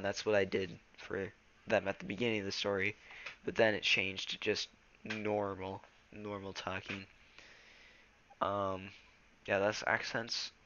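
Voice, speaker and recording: A man's voice: lowish voice, fairly bright tone, dull audio, slight background noise. A teenage boy reading a novel aloud and then chatting casually, stumbling over words and restarting them. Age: teens. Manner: loose, rambling chat with fillers. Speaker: reader.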